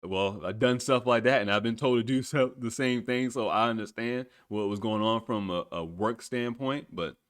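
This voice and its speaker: A man in his thirties telling stories in a casual, colloquial chat, animated and often laughing, with the odd swear word. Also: medium pitch, moderate pace, few pauses, clean tone. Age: 30s.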